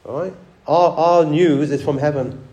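A man's voice: fairly high pitch, unhurried, mellow. Man preaching in an echoey church. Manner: conversational preaching with frequent rhetorical questions; repeats words as he restarts. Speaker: pastor. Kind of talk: sermon.

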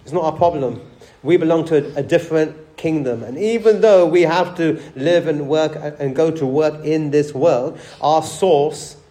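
A man's voice: on the high side, moderate pace, hardly any pauses, dark tone, echoey room. A man preaching a sermon, conversational, often asking the church rhetorical questions and repeating words as he restarts. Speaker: pastor.

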